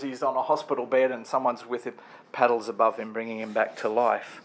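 A man's voice: mid-range voice, fairly even intonation, brisk. A man preaching a sermon in a conversational, storytelling way, building emphatic lists.

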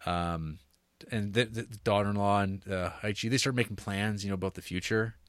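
A young man co-hosting a podcast casually retells a film's story, his speech full of fillers, restarts and "like". His voice is lowish and a bit bright, a little fast, with clean studio sound and no room echo.

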